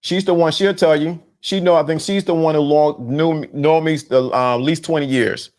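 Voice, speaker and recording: A middle-aged man hosting a casual live stream, talking in slang, repeating himself and giving shout-outs to viewers. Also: on the high side, fairly even intonation, normal speed. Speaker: host of a talk show on dating game. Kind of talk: casual live-stream talk reading chat.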